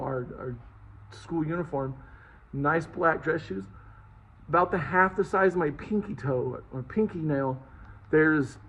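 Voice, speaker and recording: A man in his forties from Liverpool, England, casually telling a childhood story in an animated, self-mocking way and swearing freely. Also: on the high side, slightly rough, rough recording. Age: 40s.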